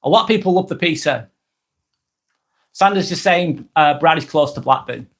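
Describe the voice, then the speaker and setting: A fairly high-pitched middle-aged man, English with a Lancashire accent, chats at normal speed on a casual live stream. He's friendly, says things more than once, and lets his words trail off when reading out comments from viewers.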